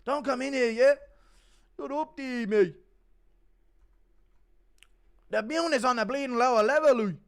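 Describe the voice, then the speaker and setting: A man doing a loud, high-pitched impression of a brash, cocky male fighter. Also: a little fast, smooth. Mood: taunting. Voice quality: high, strained, shouty.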